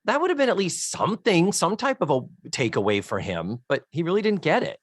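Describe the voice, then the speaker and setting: A man co-hosting a podcast, chatting casually and recapping scenes at a measured pace. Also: sits high, big pitch swings, no room sound, clean studio sound. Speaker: podcast co-host. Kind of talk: casual chat.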